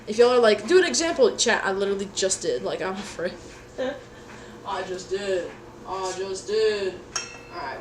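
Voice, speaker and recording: A young woman casually chatting to her livestream audience while cooking at home, goofy and rambling, swearing now and then. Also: medium pitch. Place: home kitchen. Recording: echoey room, mic at a distance, background noise.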